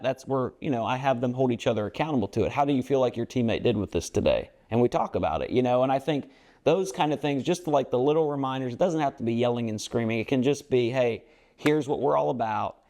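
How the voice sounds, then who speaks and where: A man's voice: medium pitch, dark tone. A basketball coach co-hosting a podcast, a man talking earnestly about team culture in a rambling, casual way with many fillers. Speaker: basketball coach and show co-host.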